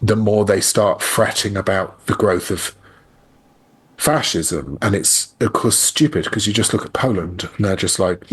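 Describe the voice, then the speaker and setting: A man, a guest in a conversational political discussion, talking in an animated way and slipping into quick mocking impressions. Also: lowish voice, husky. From Ireland.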